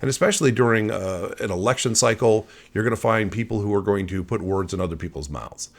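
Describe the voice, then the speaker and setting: Male host, deep voice, earnest explainer tone, occasional stumbles. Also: brisk. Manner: earnest, thoughtful, with restarts and stumbles. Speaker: tech video host. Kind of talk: casual explainer talk to camera.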